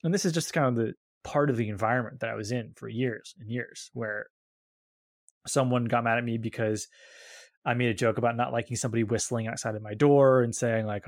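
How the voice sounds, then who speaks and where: A young American man co-hosting a podcast, telling animated stories about church culture with many restarts. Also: medium pitch, a little fast, dry recording, clean studio sound. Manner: animated storyteller, frequent restarts. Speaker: podcast co-host.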